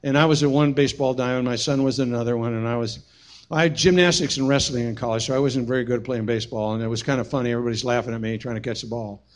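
A middle-aged man preaching a sermon as pastor, telling a personal story and swinging from hushed to shouting. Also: mid-range voice, steady tone, racing.

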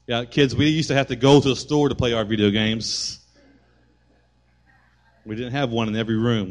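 A man preaching a sermon as pastor in a church, animated storytelling that rises to shouts. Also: mid-range voice. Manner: animated storytelling, acting out voices and shouting at peaks. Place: church sanctuary.

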